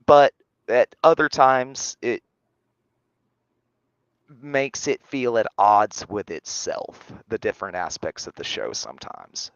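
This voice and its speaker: Man in a measured review chat, dry sound. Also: medium pitch, very animated, clear, resonant tone, no echo, highs cut off. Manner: measured, analytical, with restarts. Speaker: podcast co-host.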